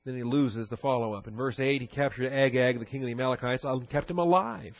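A male preacher works through scripture verse by verse, chatty and animated, with dry sarcastic asides. His mid-pitched voice is recorded dry and sounds a bit dull. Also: fast, no echo. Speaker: Bible teacher. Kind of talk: verse-by-verse sermon teaching.

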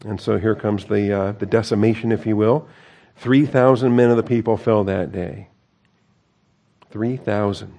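A man teaching through a Bible passage, reading it aloud and then talking it over in a loose, conversational way. His voice is mellow and relaxed, and he drops in wry, self-correcting asides between the verses. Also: lowish voice, moderate pace, dull audio.

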